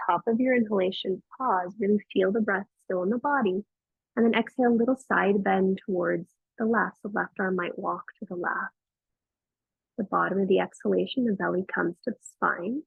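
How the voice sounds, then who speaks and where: Gravelly, husky-voiced woman guiding yoga. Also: mid-range voice, no echo, phone-quality sound. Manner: slow, soothing cues paced to the breath. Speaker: yoga teacher. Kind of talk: guided yoga class instruction.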